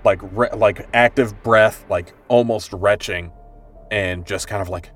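Brief: player in a tabletop game, very low voice, loose filler-heavy describing, a bit far off mic with music. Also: male voice, measured pace, fairly bright tone. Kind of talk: tabletop role-play narration.

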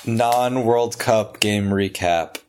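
Excitable slangy man co-hosting. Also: on the low side, extremely slow, a little hiss or hum. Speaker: podcast co-host. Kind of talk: casual podcast chat.

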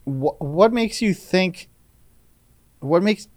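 A man's voice: sits high, lively intonation, takes it slowly, darkish tone, no echo, studio quality. A man hosting an interview, asking curious questions and chuckling as he goes. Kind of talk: casual interview.

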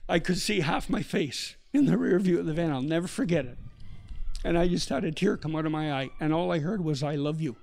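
A middle-aged man from Canada with a high-pitched voice, telling his missionary story as an interview guest. He is animated and acts out the voices of the people in his story. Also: brisk, gravelly.

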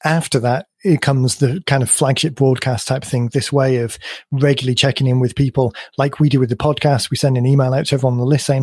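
A man hosting a podcast, explaining his points at length in an emphatic conversational way, his voice a little croaky. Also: medium pitch, steady tone, fairly quick, no room sound, studio quality. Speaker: podcast host.

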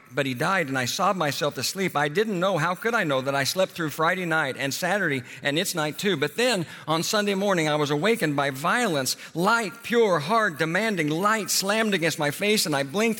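A man telling a story dramatically, moving from hushed, quiet passages to urgent ones. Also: on the high side. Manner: expressive, swinging from hushed to urgent. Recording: reverberant hall.

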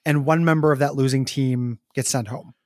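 A man's voice: medium pitch, fairly even intonation, moderate pace, dry recording. Man with a dry close sound, joking. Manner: joking, crude, laughs often. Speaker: podcast co-host. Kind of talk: casual chat.

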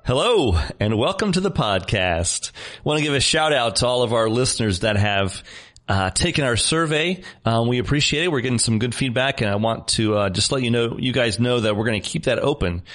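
A man hosting a podcast in a relaxed, joking way, with lots of fillers. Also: medium pitch, a little fast. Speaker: podcast host. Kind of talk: casual podcast chat.

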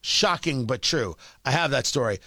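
A man hosting talk radio, delivering an emphatic opinionated monologue that swings from loud scolding to low asides, on a studio mic. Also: lively intonation, moderate pace, dry recording. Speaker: radio talk show host.

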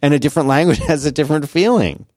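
A man's voice: fairly high pitch, fast, darkish tone, dry recording, studio quality. A man in his forties chatting casually on a podcast, rambling with many restarts and fillers. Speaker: podcast co-host. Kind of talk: casual conversational chat.

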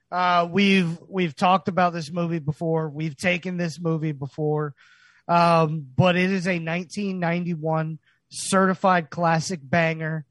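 A man's voice: a little high, a bit bright, no echo. A man co-hosting a podcast in casual chat, upbeat and hyped, joking with his friends. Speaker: podcast co-host.

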